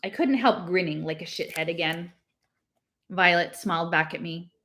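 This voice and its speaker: A woman reading a novel aloud, lifting her pitch and voice for the characters' lines. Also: moderate pace, fairly bright tone. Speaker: reader.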